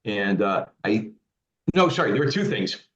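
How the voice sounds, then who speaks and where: A man's voice: on the low side, sing-song, moderate pace, a bit bright, reverberant. A man telling a story as a podcast guest, stammering and repeating words. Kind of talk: casual storytelling. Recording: dull lo-fi recording.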